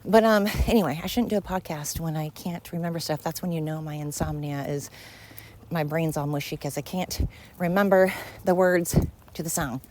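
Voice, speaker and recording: A woman's voice: deep voice, moderate pace, darkish tone. Breathless middle-aged woman podcasting on a walk. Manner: chatty, blunt, self-mocking, swears freely. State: out of breath while walking uphill. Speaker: podcast host. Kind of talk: casual rambling monologue. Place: outdoors walking, yard work noise around.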